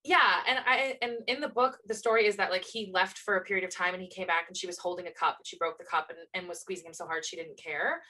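A woman's voice: lowish voice, steady tone, fast talker, few pauses, bright, forceful tone, poor audio. A woman co-hosting a podcast in casual chat, gushing with enthusiastic fan talk. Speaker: podcast co-host.

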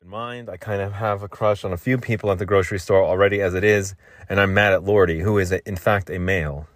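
A young man with a fairly low voice hosting a solo podcast. He wanders from tangent to tangent and keeps teasing his listeners. The recording is dry and close, with no room echo. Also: fairly even intonation, quick pace. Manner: joking, self-teasing, meandering. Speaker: podcast host. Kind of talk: rambling solo podcast chat.

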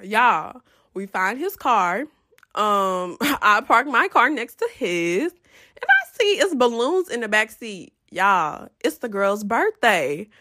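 Lively, bright-voiced young woman telling a story. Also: medium pitch, slow pace. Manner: animated, profane, laughing storyteller. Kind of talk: casual storytime.

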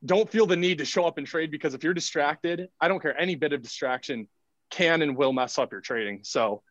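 A man appears as a guest on a podcast and talks about his trading in an easygoing way, laughing often. His voice is fairly high and sounds dry and close. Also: brisk, a bit bright, no echo, lo-fi sound. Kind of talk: casual chat.

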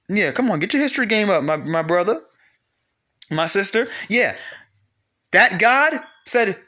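A man preaching about the Bible in a casual, animated way, talking straight to his listeners and repeating lines for emphasis. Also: high voice, normal speed.

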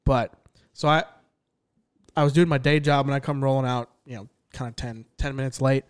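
Chatty male podcast host, mid pitch. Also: fairly even intonation, moderate pace, clean tone. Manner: chatty, wry storyteller. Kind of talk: casual podcast chat and storytelling.

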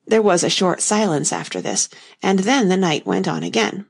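Woman, audiobook narrator, low voice, gravelly, husky, steady unhurried reading. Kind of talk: scripted narration.

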